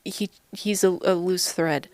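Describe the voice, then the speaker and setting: A woman's voice: on the low side, fairly even intonation, a little slow, a little mellow, dry recording. Giggly woman co-host, dry close sound. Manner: laughs often, mocking and playful. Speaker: podcast co-host. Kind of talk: casual movie review chat.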